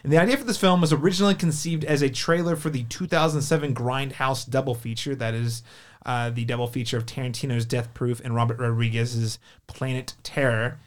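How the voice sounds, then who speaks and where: A man's voice: medium pitch, fairly even intonation, brisk. A man hosting a movie review podcast, chatting casually with lots of fillers and restarts. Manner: chatty, enthusiastic, filler-heavy. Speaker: podcast host.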